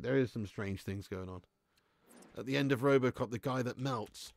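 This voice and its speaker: A man's voice: mid-range voice, moderate pace, creaky, no echo. A young man streaming a football game, chatting casually, swearing and reading out the chat. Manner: laid-back, swearing, reads chat aloud. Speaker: gaming streamer.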